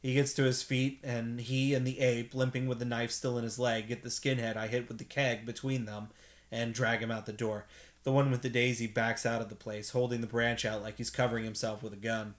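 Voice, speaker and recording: A man reading a novel aloud at bedtime in a steady first-person narration, with an occasional slip. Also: medium pitch, a little fast. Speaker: reader, host.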